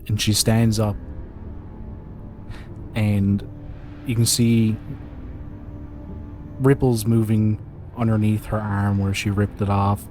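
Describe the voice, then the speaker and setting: A man serves as game master, reading out the scene in a slow, deliberate way. His voice sits low and stays fairly level, building the horror through careful description. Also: warm tone. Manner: slow, vivid descriptive narration. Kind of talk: narrating a tabletop game.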